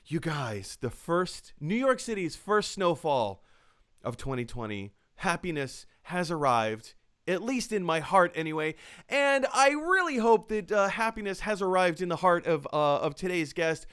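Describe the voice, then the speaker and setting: High, lively-voiced male host. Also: unhurried, smooth. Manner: excitable, storytelling. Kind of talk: casual chat. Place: apartment.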